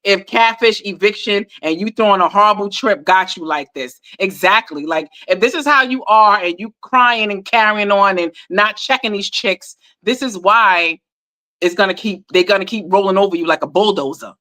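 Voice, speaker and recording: Woman, bright voice, animated casual recap chat, slangy. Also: medium pitch, moderate pace. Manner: animated, emphatic, informal slang. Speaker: podcast co-host.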